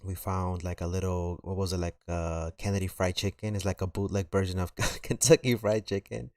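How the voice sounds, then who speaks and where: A man's voice: low-pitched, flat delivery, normal speed, a little mellow, no echo, studio quality. A man telling a story on a live stream in a rambling, slangy way, full of fillers.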